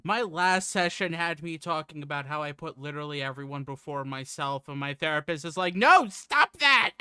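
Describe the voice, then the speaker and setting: A woman streaming a visual novel, chatting casually with a giggly, self-deprecating manner and bursts of shrill put-on voices. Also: steady tone, brisk, pushed and bright, smooth, dry recording, studio quality. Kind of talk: casual gaming stream chat.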